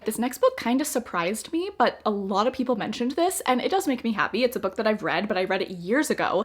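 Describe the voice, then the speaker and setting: A woman talking casually and eagerly to her viewers as she recommends fantasy novels in a book vlog. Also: mid-range voice. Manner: enthusiastic, chatty. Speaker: book reviewer.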